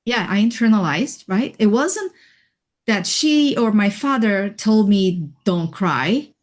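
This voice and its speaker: A woman guest on a radio interview, telling a personal story in a soft, reflective way with light laughs. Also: mid-range voice, expressive, unhurried. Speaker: interview guest, healing coach.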